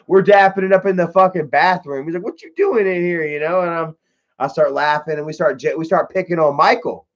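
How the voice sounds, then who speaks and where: A man's voice: fairly high pitch, a little fast, dull audio. A man hosting a livestream, telling a rambling, profane story to his chat, with "man" and "bro" after nearly every phrase. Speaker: livestream host. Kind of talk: casual storytelling to live chat.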